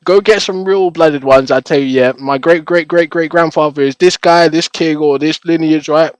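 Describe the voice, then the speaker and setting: A man's voice: on the high side, fairly even intonation, normal speed, smooth, no room sound. A young man on a live stream, chatting casually to his viewers. He laughs often, swears, and keeps tagging his points with "right?". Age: young adult.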